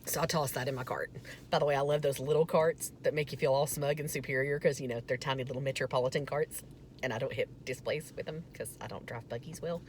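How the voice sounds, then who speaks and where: A woman's voice: very deep voice, fairly even intonation, fast talker, a little hiss or hum. A young woman from the American South, telling a chatty, self-mocking vlog story that turns earnest. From Southern United States. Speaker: vlogger.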